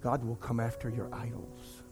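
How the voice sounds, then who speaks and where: A middle-aged man, a pastor preaching a sermon and telling a personal story in an animated way. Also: medium pitch, moderate pace, music in the background. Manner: animated storytelling, addresses congregation as "y'all".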